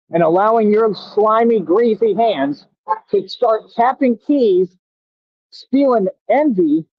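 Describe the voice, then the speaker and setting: A brash, boastful man rants at his critics in a high, confrontational voice. The sound is tinny and phone-like, and very dry with no room around it. He drags out words slowly when he wants them to land. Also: no echo. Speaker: radio show host. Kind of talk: combative live-stream rant at commenters.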